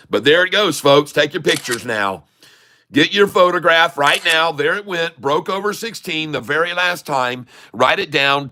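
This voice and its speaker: Excitable older man calling stock trades. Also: medium pitch. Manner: excitable, boastful, jokey. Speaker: stock-trading streamer. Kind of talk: live market commentary.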